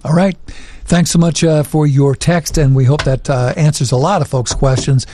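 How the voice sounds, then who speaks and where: A man's voice: on the high side, steady tone, normal speed, dark tone, dry recording. A man hosting a talk program, reading emails and wrapping up the show in an easygoing, friendly way. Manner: friendly, easygoing host patter. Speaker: show host.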